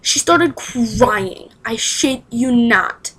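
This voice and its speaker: A woman's voice: fairly high pitch, animated, very slow, fairly bright tone, slightly rough, poor audio. A young woman telling a personal story to camera in a casual, rambling way, with lots of "like" and exasperated asides. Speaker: vlogger.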